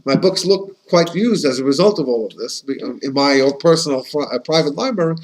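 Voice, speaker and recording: A man's voice: a little high, a little fast, poor audio. A rabbi teaches his class in a loose, storytelling way, his voice sitting a bit above the usual male range. He keeps breaking off and restarting sentences and sprinkles his talk with Yiddish and Hebrew words. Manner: chatty and anecdotal, with frequent restarts; animated, with Yiddish and Hebrew terms. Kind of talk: casual conversational lesson.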